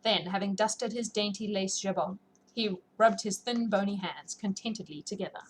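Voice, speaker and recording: Her voice is medium in pitch and moderately paced, though sore and slightly scratchy after a long read. She's an audiobook reader and streamer who reads a classic novel aloud, then settles into relaxed conversation with listeners, with faint background noise present.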